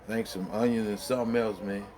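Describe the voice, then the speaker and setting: A man's voice: fairly low pitch, fairly even intonation, fast, a little mellow. A middle-aged man telling a long personal story in casual, rambling, colloquial talk, with many fillers and bursts of laughter. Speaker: vlogger.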